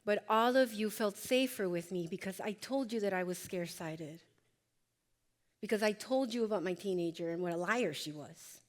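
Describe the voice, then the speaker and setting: A woman's voice: mid-range voice, moderate pace. A woman presenting a workshop, speaking emphatically and directly to her audience as she coaches them. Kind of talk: motivational workshop talk.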